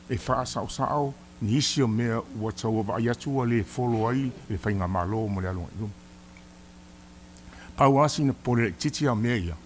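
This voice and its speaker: A man's voice: mid-range voice, slight background noise. A middle-aged man with a Samoan accent, a senator sternly scolding an official during a hearing in a legislative chamber. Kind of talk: formal hearing address.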